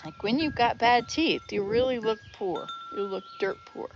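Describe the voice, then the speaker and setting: Out in a garden with wind chimes, a woman vlogger chats and rambles on a phone-recorded live-stream, chuckling at her own comments. Her voice sits on the high side and keeps a moderate pace. The highs are cut off and the background is noisy.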